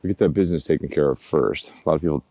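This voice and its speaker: A man's voice: a bass voice, rapid-fire, no echo. A man who trains dogs, talking casually to a handheld camera outdoors while he walks his dogs and coaxes them with pet names. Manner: relaxed, chatty, coaxing dogs with pet names. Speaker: dog trainer. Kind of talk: casual vlog narration while walking dogs. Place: outdoors in a yard by woods.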